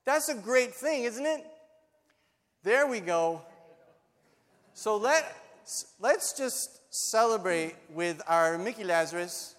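Middle-aged male pastor, high voice, dramatic sermon storyteller; church hall with long echo. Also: expressive, slow pace, pauses often, fairly bright tone. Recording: long reverb of a large hall.

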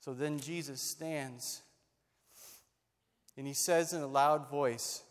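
Middle-aged male pastor, high voice, dramatic sermon storyteller; church hall with long echo. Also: fairly even intonation, slow pace. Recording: long reverb of a large hall.

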